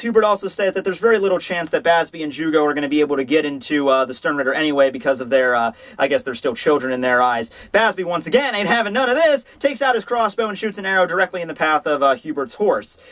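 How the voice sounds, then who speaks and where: A man's voice: a little high, fast talker, hardly any pauses, fairly bright tone, no room sound. A young man giving a casual, rambling comic review full of fillers and restarts. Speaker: manga reviewer. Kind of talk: casual commentary.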